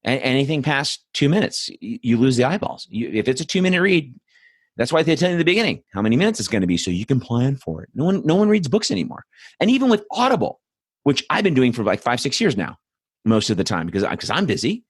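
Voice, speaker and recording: A man's voice: medium pitch, very animated, fast, husky, dry recording, studio quality. A man hosting a political commentary show, talking in a blunt, profane, rambling monologue full of asides. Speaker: host.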